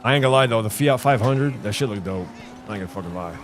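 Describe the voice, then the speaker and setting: A man's voice: lowish voice, fast talker. Middle-aged guy streaming a game, swears a lot, voice jumps all over, slight hiss behind. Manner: profane, rambling, animated storytelling. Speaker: gaming streamer. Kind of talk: casual live gameplay commentary.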